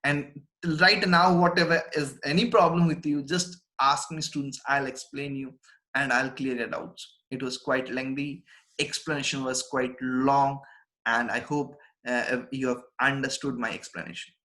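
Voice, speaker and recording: A man's voice: medium pitch, fairly even intonation, moderate pace, pushed and bright, low-quality recording. A man with an Indian English accent, a teacher in a live online class, reads passages aloud, then explains them with frequent restarts. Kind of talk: live online lesson, reading and explaining a text.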